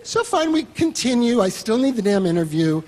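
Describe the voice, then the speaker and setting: Husky, high-voiced male storyteller, wry. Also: very animated, moderate pace, darkish tone, in a large hall. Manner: wry, profane, self-mocking. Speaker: magazine writer telling a story on stage. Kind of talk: live storytelling to an audience.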